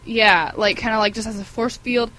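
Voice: mid-range voice, fairly even intonation, moderate pace, bright, forceful tone, rough recording. A podcast co-host in casual chat, thinking aloud hesitantly and laughing often.

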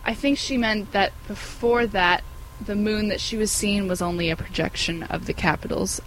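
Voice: mid-range voice, moderate pace, a bit bright, a little hiss or hum, poor audio. A podcast co-host in casual chat, thinking aloud hesitantly and laughing often.

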